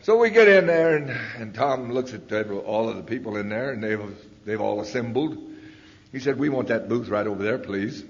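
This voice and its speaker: A middle-aged man tells his story in a folksy, rambling way and now and then bursts into loud quoted lines. His voice is mid-pitched and comes through dull lo-fi tape. The hall around him rings with a long reverb. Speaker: recovering alcoholic speaker. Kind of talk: storytelling talk at a recovery meeting. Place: hall at a recovery roundup.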